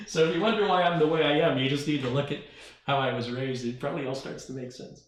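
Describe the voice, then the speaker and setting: A man's voice: medium pitch, a little fast, pauses often, slight background noise. Man ranting in an echoey room. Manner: ranting, animated storytelling with mock quoted voices. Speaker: tech YouTuber host. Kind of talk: casual livestream chat.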